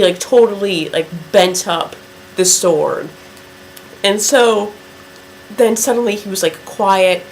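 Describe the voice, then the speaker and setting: A woman vlogger telling a story to camera in a chatty, drawn-out way, with many "like" fillers. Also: medium pitch, slight background noise, poor audio.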